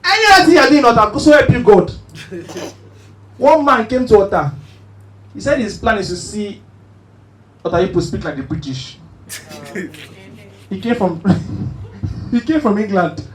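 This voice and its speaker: High, lively man doing stand-up. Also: measured pace, long pauses. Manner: animated, shouty storytelling with bursts of preaching. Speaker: stand-up comedian. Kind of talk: stand-up comedy set. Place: live comedy stage. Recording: echoey hall, mic at a distance, faint room noise.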